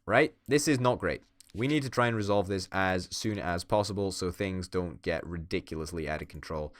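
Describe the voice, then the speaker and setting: A man's voice: deep voice, moderate pace, no echo. A man giving playful, swearing let's-play commentary and hamming it up as a would-be dictator. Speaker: gaming YouTuber.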